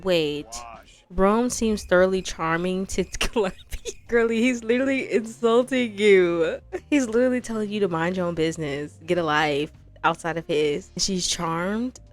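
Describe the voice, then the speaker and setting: A woman's voice: mid-range voice, unhurried. A woman giving chatty, sassy commentary over a game playthrough, with dramatic asides to the viewers. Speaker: gaming video creator.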